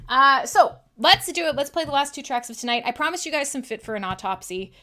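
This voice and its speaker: A woman hosts a live metal radio stream in loose, rambling chat. Her voice sits a little high and has a bright, sharp edge. She is irreverent and swears easily. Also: expressive, a little fast. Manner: talks to her dog in a soft coo. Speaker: metal radio show host.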